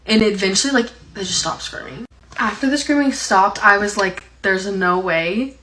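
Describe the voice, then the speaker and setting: A woman's voice: medium pitch, a little fast, bright, forceful tone, slight background noise, poor audio. A young woman from Appalachia, telling a story in a casual, rambling way with lots of "like". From Appalachia, USA. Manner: rambling, heavy use of "like". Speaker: TikTok storyteller.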